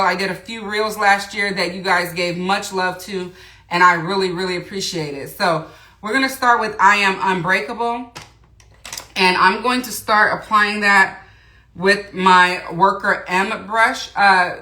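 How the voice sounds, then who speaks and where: A chatty woman talks through her makeup on a livestream, greeting viewers and reading their comments as she goes. Her voice is bright and clear, and the room around her sounds roomy and echoey. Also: mid-range voice. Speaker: beauty livestream host. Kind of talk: casual makeup tutorial livestream. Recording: roomy echo.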